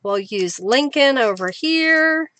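A woman's voice: high voice, animated, slow pace, a bit bright, dry recording. A woman hosting a craft livestream, chatting casually with viewers, reading their comments aloud and laughing often.

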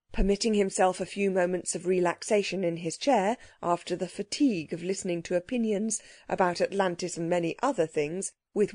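A woman narrating a children's audiobook in a steady storytelling manner. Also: mid-range voice, dry recording, studio quality.

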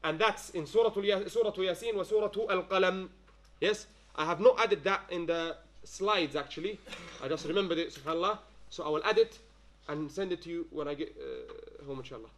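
A man with a high voice teaches a tajweed class in a classroom. He quizzes the room as he goes and keeps checking that the students follow. Arabic phrases run through his English. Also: brisk. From London-based. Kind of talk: classroom lesson.

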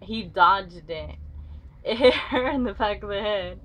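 A woman's voice: mid-range voice, unhurried, fairly bright tone. A woman vlogger telling a school story casually, rambling with many fillers and free swearing. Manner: rambling, lots of "like", swears freely. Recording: slightly dull with faint noise.

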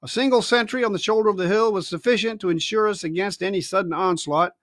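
A man reading an adventure novel aloud, his fairly high voice rising and slowing for dramatic moments. The sound is close and dry, with little room around it. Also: no echo. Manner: expressive storytelling. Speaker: reader.

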